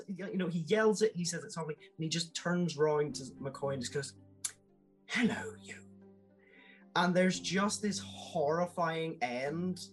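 A man talking enthusiastically as a podcast guest, with quick asides and laughs. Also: a little high, poor audio. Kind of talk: casual podcast chat.

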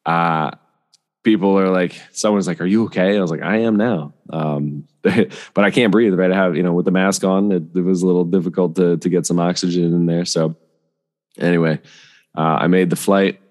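A very deep-voiced man spinning a casual, rambling story, peppered with "you know" and "right?" asides. His voice carries a long reverb tail, as if recorded in a large, live room. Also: fairly even intonation, normal speed, darkish tone. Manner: chatty, rambling, many fillers and asides. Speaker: podcast host telling a travel story.

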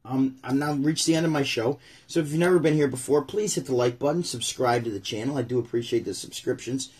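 Blunt, husky-voiced male stream host. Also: mid-range voice, brisk, a little mellow. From Syracuse, New York. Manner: blunt, ranting, chatty. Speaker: channel host. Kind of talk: casual opinion livestream.

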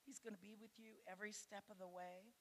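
A woman's voice: mid-range voice, steady tone, quick pace, fairly bright tone. A middle-aged woman preaching a sermon to women, earnest and pleading as she speaks straight to her listeners.

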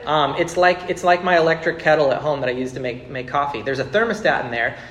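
A male pastor in his thirties delivers a sermon in a loose, conversational way, stumbling over repeated words and then rising into emphatic bursts. His voice sits a little high for a man. The sound carries the echo of a large church room. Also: fast talker, a bit bright. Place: church sanctuary with congregation.

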